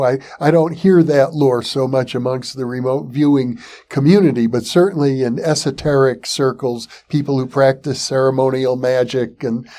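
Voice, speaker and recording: Mellow-voiced older male interviewer. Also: medium pitch. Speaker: interview host. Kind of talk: interview conversation.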